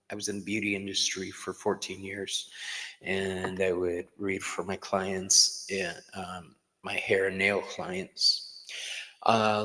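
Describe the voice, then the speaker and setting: A man's voice: on the low side, fairly bright tone, poor audio. A middle-aged man who reads tarot, hosting a casual livestream class and rambling chattily while greeting viewers by name.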